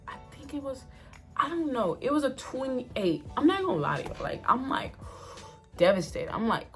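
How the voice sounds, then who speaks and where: A young woman chatting casually to her viewers as she tells a story, full of "like" and "y'all", with lively ups and downs. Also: mid-range voice, normal speed, soft background music. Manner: chatty and expressive, fillers like "like", addresses viewers as y'all. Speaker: vlogger telling a story.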